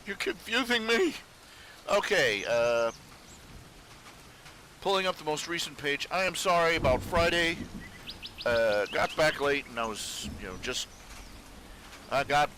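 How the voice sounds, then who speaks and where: A man's voice: medium pitch, animated, measured pace, pauses often, sharp tone, a little hiss or hum. A man chatting casually to viewers during a live stream at his computer, rambling with many fillers and restarts. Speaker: webcomic artist streaming live. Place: home room at his computer.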